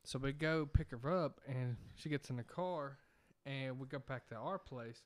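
A man's voice: mid-range voice, unhurried, dry recording. A man telling a rambling, profane story in a casual podcast chat. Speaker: podcast co-host.

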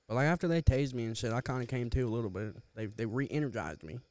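A man's voice: medium pitch, quick pace, darkish tone, no room sound. A young man casually telling a profane story on a podcast, laughing often, close to the mic. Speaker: podcast co-host.

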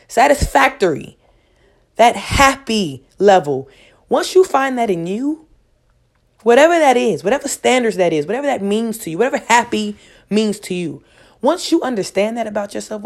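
A woman speaking delivers a casual motivational monologue. She is emphatic and profane, circling back to the same phrases again and again to press them home. Her voice sits at an ordinary middle pitch. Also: vocal fry. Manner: profane, emphatic and preachy, with much repetition. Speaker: vlogger.

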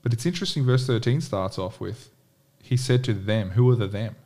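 Man, mid pitch, emphatic, for a casual scripture chat. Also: fairly quick. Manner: animated, emphatic, rhetorical questions. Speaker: bible study co-host. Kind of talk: casual bible discussion.

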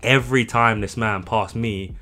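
A man's voice: lowish voice, moderate pace, faint music behind. A young man co-hosting a podcast, telling a story in casual chat with lots of swearing. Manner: animated, swears a lot. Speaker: podcast co-host.

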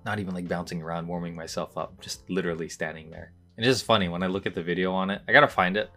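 A young man with a deep, low-pitched voice recounts a personal story in a loose, rambling way, leaning on "like" as a filler. His voice leaps up when he relives tense moments, then drops back to an easy murmur. Soft music plays faintly behind him. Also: steady tone, racing. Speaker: podcast host. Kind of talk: casual storytelling monologue.

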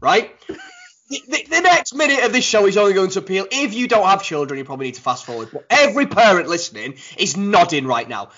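Animated, bright-voiced podcast host. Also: male voice, sits high, fast, lo-fi sound. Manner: animated, jokey, rambling. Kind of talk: casual banter.

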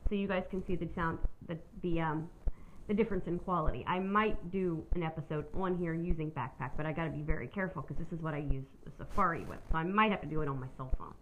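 A woman's voice: low-pitched, quick pace, narrow, tinny audio, slight background noise. A woman hosting her own podcast, telling a personal story in a candid, rambling way and swearing freely. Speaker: podcast host.

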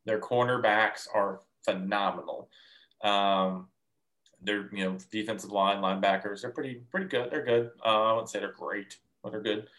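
A man's voice: lowish voice, fairly even intonation, moderate pace, fairly bright tone. A man co-hosting a sports podcast in casual chat, stating firm picks and sometimes restarting his sentences.

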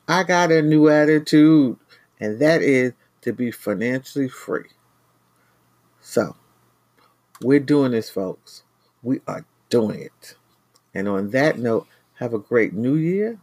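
Man host from New York, mid-pitched, earnest frugal-living pep talk, dry close sound. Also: lively intonation, slow, long pauses, a little mellow, no room sound. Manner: earnest, repetitive, addresses listeners as family. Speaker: host of a money-saving show. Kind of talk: casual motivational talk to viewers.

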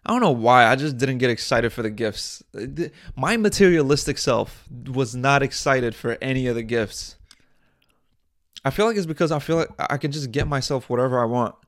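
A man's voice: medium pitch, expressive, moderate pace, no room sound, studio quality. A young man hosting his own podcast, talking casually in a crude, joking, rambling way with bursts of mock outrage. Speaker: podcast host. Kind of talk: casual solo podcast monologue. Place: small indoor set.

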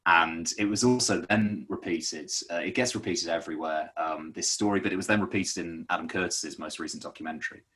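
Low raspy guy just chatting, lots of ums and sort-ofs. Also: brisk, few pauses, fairly bright tone. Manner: rambling, many fillers and restarts. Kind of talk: casual conversational explanation.

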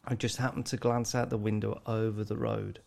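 A man's voice: lowish voice, fairly even intonation, a little fast, vocal fry, darkish tone. A man with a Black Country accent, co-hosting a podcast and telling a story in casual chat, swearing often and laughing as he talks. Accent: Black Country English. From Black Country, England. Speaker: podcast co-host.

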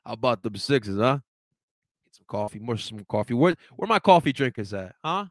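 A man impersonating a gruff working-class boxer with a mumbling, drawling delivery. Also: mid-range voice, very animated, brisk, no echo, clean studio sound, voice pushed down, lightly acted. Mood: laid-back.

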